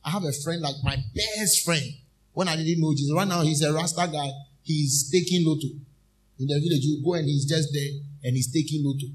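A man's voice: a little high, brisk. A man preaching a sermon as a minister. He calls out questions to the congregation and draws out his key phrases with emphasis. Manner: call-and-response, repeating phrases to the congregation.

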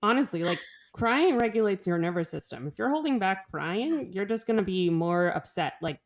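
A woman's voice: mid-range voice, expressive, normal speed. A young woman co-hosting a podcast, talking frankly and opinionated about a book, with casual swearing. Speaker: podcast co-host. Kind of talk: casual book-club chat.

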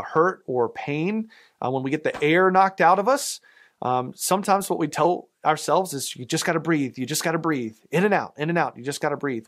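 A man preaching a sermon in a casual, conversational way, often restarting his sentences. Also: fairly high pitch. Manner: conversational, halting with restarts and fillers. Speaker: pastor.

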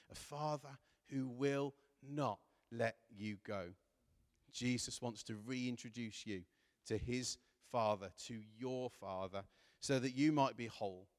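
Earnest preacher man in a reverberant hall. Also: on the low side. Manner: earnest, rising to impassioned emphasis while reading scripture. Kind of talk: sermon.

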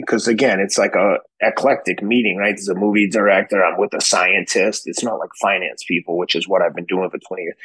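A middle-aged man with a Boston accent and a low, deep voice tells a story in a loose, salty way. He throws in quick impressions of other people. His voice sounds dry and close to the mic. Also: breathy edge, dry recording, low-quality recording. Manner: profane, animated anecdotes with put-on voices. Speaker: podcast guest. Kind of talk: casual storytelling.

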